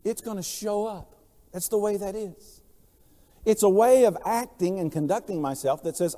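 High-voiced preacher man in a reverberant hall. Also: normal speed. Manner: storytelling preacher, swings from quiet to loud. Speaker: pastor. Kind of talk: sermon.

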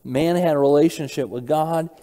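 A man preaches a Bible study in a hall with a long, ringing reverb. His voice sits a bit high for a man but sounds mellow and warm. He keeps asking his listeners questions and doubles back on his own phrases. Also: normal speed. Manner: questions the audience, repeats phrases, reads verses aloud. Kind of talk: interactive Bible study sermon.

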